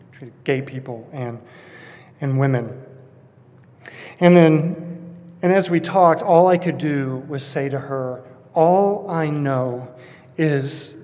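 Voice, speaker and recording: A man's voice: a little high, darkish tone, long reverb tail. A man from Texas, preaching as a pastor and telling a personal story in an earnest, reflective way. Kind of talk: sermon.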